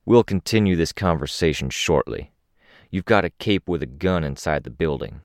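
Guy playing a calm persuasive cop, very low voice, dry close sound, measured. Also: dry recording. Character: controlled police officer, calm, persuasive man.

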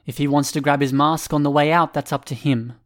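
A man's voice: on the high side, fairly even intonation, no echo, clean studio sound, close to an everyday voice. A man playing a stern, serious young hero. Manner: slow, serious delivery.

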